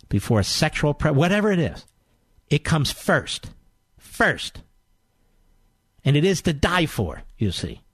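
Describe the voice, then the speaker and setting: A man's voice: on the high side, no echo, clean studio sound. A middle-aged man hosting a political talk radio show in a mocking, combative monologue.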